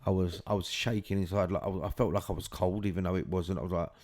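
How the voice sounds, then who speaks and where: A middle-aged father tells his own story candidly and earnestly, swearing casually, in a very low, dark, mellow voice. He speaks fast with a steady tone. The recording is close and dry, with no echo.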